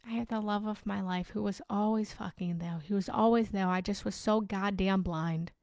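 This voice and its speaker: A medium-pitched, slightly mellow female voice with a steady tone and normal speed belongs to a young relationship and self-love coach on a live stream. She speaks to her followers with raw passion and emotion, curses freely, and drops to a whisper for emphasis. There's no echo.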